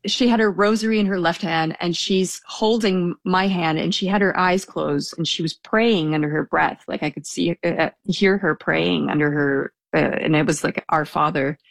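A woman's voice: lowish voice, normal speed, gravelly, hardly any pauses, dry recording. A young woman telling a personal anecdote in a casual, hesitant way, with small laughs. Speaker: storyteller guest.

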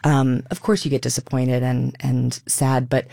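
Animated woman with a gravelly edge. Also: very deep voice, a little slow, no room sound, studio quality. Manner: animated, expressive storytelling with quoted asides. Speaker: stage actor, interview guest. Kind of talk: radio interview conversation.

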